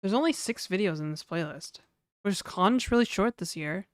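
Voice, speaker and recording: Woman rambling on her stream, smooth lowish voice, dry close sound, laughs a lot. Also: animated, normal speed, no echo. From New Brunswick, Canada. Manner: rambling, joking, laughs often. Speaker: livestreamer. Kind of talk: casual livestream chat.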